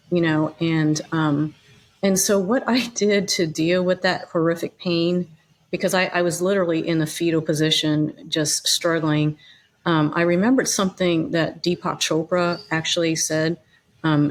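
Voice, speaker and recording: A middle-aged woman talks through her own story as a podcast guest. Her voice sits somewhat low, and her delivery is conversational, full of fillers and small restarts. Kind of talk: personal storytelling in interview.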